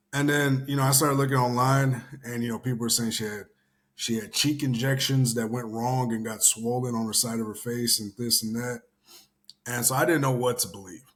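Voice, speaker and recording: A man's voice: medium pitch, a bit bright. A young adult man from the Houston area, host of a casual commentary show, telling a story in a rambling way with lots of fillers and casual swearing.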